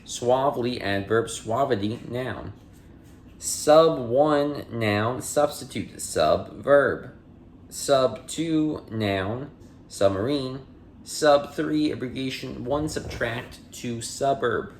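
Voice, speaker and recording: Male podcast host reading a dictionary aloud: steady word-by-word cadence, casual asides, mid-pitched voice, echoey room. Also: slow, slight background noise. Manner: reads entry word, part of speech, then definition in a steady cadence; chatty and apologetic in asides. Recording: roomy echo.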